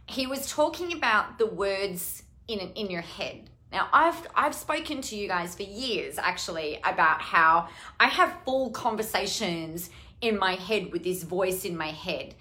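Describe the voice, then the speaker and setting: A woman's voice: mid-range voice, animated, unhurried, bright, forceful tone. A middle-aged woman coach talking casually on a live stream, chatty and rambling, with some casual swearing. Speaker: online business coach.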